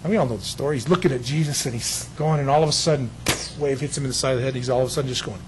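A man preaching a sermon in a lively storytelling way, dropping to hushed tones and rising to loud bursts. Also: mid-range voice, racing, background noise. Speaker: pastor.

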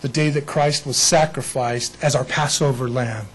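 A man preaching an Easter sermon in a lively way, acting out the people in the story. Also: mid-range voice, normal speed, husky, rough recording. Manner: animated, acts out bible figures. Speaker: pastor.

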